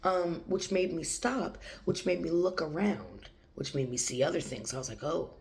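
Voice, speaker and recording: A woman's voice: fairly low pitch, normal speed, a little mellow. A woman talking to camera in a rambling casual monologue, laughing often and sometimes dropping to a whisper. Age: adult, has a young daughter. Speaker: channeler.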